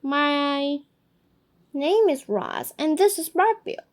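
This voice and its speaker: A woman's voice: sits high, takes it slowly, voice pushed up. A woman voicing a firm, protective female robot mother in a storybook reading, speaking in a matter-of-fact way.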